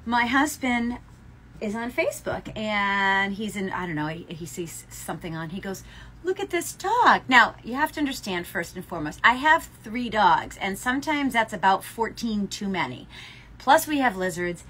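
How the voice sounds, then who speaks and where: A woman's voice: medium pitch, lively intonation, moderate pace, a bit bright, husky. A woman co-hosting a casual podcast chat in a yarn shop, telling stories and laughing often. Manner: chatty storyteller, laughs often. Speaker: podcast co-host.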